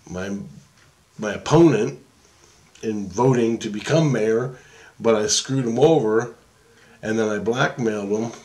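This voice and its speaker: Describing one of his dreams in a loose, casual way, this man speaks with a darkish tone and fairly low pitch. The account wanders, profanity slips in, and he keeps starting sentences over.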